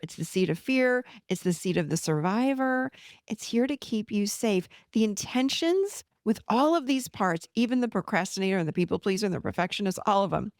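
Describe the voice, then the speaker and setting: A woman in her forties, a podcast host and therapist, giving a teaching self-help talk in a gently reassuring, animated coaching manner. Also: medium pitch, dry recording, clean studio sound.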